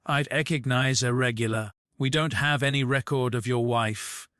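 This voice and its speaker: A man's voice: medium pitch, fairly even intonation, normal speed, a bit bright, clean tone, no echo, clean studio sound, lightly acted. A man reading as a firm, polite rental clerk woman. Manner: polite, matter-of-fact. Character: female rental office clerk, courteous and firm.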